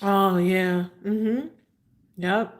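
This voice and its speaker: Woman in her 50s, mid-pitched, very unhurried live-stream host, halting and tender. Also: steady tone. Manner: slow, halting, emotional, many fillers. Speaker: tarot reader hosting a livestream. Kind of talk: live-stream chat answering viewers.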